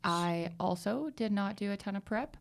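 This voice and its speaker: A woman's voice: mid-range voice, lively intonation, normal speed, creaky. Chatty young woman co-hosting a podcast. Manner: chatty, self-mocking. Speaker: podcast co-host. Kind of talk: casual sports podcast chat.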